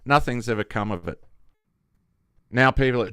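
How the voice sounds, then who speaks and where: A man's voice: medium pitch, measured pace, pushed and bright, clean tone, no echo, studio quality. A man hosting a casual solo podcast, rambling and swearing, with frequent restarts. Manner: rambling, profane, many restarts. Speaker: podcast host.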